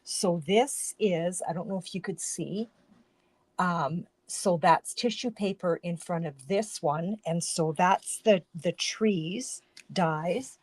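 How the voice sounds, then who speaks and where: A woman's voice: on the low side, takes it slowly, a little mellow, dry recording. A woman hosting a casual card-making live stream from her home craft room, chatting in a rambling way and often breaking off mid-sentence. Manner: chatty, rambling, self-interrupting.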